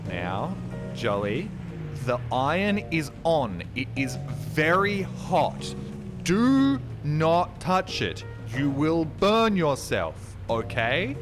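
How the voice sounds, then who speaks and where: A man voicing his mother as a stern, over-careful woman slowly warning her small son. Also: sits low, sing-song, over music, voice pushed up, exaggerated voice. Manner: slow, over-careful, sing-song warning.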